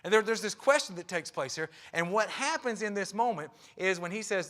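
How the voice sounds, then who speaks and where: Male preacher, high voice, conversational sermon with acted-out quotes. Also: lively intonation, a little fast, hardly any pauses, bright, forceful tone. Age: young adult to middle-aged, a father. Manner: conversational, acts out quotes with shifting pitch. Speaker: guest preacher. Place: church sanctuary.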